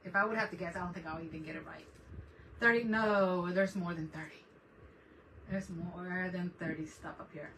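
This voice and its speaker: A woman's voice: lowish voice, steady tone, normal speed, a bit bright. A woman hosting a casual craft live stream from her desk at home, chatting and laughing often as she greets viewers by name. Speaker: craft channel host. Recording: distant mic with faint background noise.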